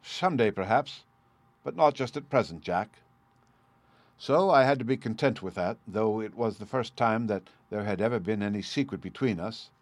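A man reading a first-person story aloud at a measured, steady pace. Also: lowish voice, dry recording. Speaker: audiobook reader.

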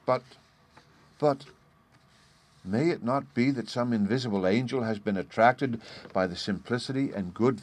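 A man voicing a soft-spoken, wondering mother in a storybook reading. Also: medium pitch, lightly acted. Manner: soft and hesitant. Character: gentle, wondering young mother.

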